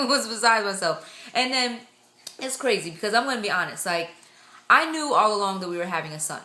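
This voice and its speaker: A young woman talks through a casual vlog update in a chatty, excitable way, slipping into voices as she quotes people. Her voice is bright and forward, and the room around her rings with echo. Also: medium pitch, brisk. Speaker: vlogger.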